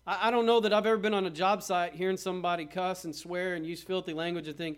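A man's voice: high voice, steady tone, fast, smooth. A man preaching a sermon, with dramatic quoted asides and rhetorical questions. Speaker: pastor.

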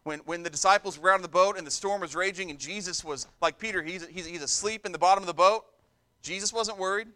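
High, bright-voiced preacher man. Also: fast. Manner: emphatic preaching, repeats words for stress. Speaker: pastor. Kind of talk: sermon.

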